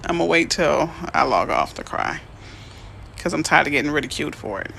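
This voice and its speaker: A woman realtor chatting casually on a live stream, reading out viewer comments and answering them in a chatty, excitable way. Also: low-pitched, fairly quick, vocal fry, slight background noise. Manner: chatty, excitable, easily emotional. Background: birds chirping faintly.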